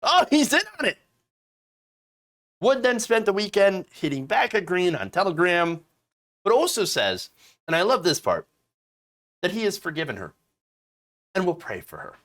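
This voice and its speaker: A man hosts casual political commentary. His delivery is sarcastic and full of mockery. His pitch swings widely as he talks. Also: big pitch swings, moderate pace, pauses often, a bit bright. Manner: sarcastic, mocking voices of opponents.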